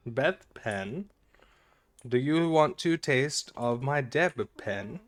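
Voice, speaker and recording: Slow-talking joking young man gamer. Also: mid-range voice, expressive, faint music behind. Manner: joking, goofy, reads game text aloud. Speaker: gaming video creator. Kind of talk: let's play commentary.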